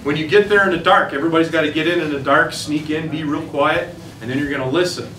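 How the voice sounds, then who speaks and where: Midwest guy explaining turkey calls, kinda high voice, roomy sound, mic a ways off. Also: fast, sharp tone, a little hiss or hum. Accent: Upper Midwest American. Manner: plain, folksy, explains step by step. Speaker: turkey hunting instructor. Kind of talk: outdoor demonstration talk to hunters. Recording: roomy sound, voice from a distance, faint ambience.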